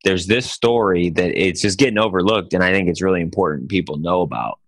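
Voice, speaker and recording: A man with a lowish voice tells a joking story on a podcast, animated and loose, tossing in "dude" every few lines. His voice sounds close and dry on the mic, with no room sound. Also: fairly quick, no room sound. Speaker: podcast co-host. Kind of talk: casual chat.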